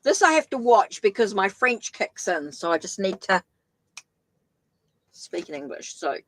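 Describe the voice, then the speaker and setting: A woman's voice: medium pitch, very animated, a little slow, no room sound, rough recording. A middle-aged woman with a New Zealand accent, chatting her way through a live-streamed tarot reading, thinking aloud with frequent restarts. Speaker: tarot reader.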